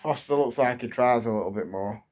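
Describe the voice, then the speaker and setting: A man's voice: mid-range voice, a little fast, dull audio. A man in his thirties from England, an angry football fan ranting on his channel, repeating himself as his frustration builds. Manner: heated, repetitive, building frustration. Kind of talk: angry fan rant to camera.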